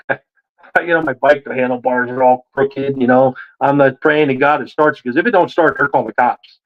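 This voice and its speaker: A man telling a story in a casual interview, animated and acting out the voices of the people he quotes. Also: medium pitch, moderate pace, narrow, tinny audio. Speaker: guest.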